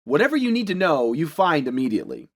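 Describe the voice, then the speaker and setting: Lively young man recapping a movie. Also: a little high, fast talker. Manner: swearing, laughing often, quoting lines in silly voices. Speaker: podcast co-host recapping a movie. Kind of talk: casual movie recap chat.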